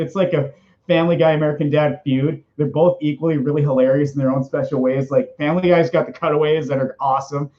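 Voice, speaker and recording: Chatty, rambling man, slightly high voice. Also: warm tone. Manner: rambling, self-interrupting, chatty. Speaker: streamer answering questions. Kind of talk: casual chat. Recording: dull lo-fi sound.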